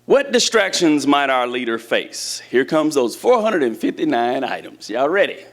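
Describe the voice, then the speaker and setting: A man's voice: medium pitch, big pitch swings, normal speed. A man preaching a sermon in a church, talking conversationally and asking the congregation questions. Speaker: church teacher.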